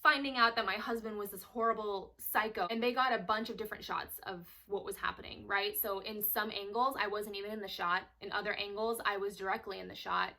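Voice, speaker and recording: A young adult woman, an actress, telling candid stories in a casual, expressive way for a vlog. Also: mid-range voice. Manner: casual, expressive storytelling with swearing.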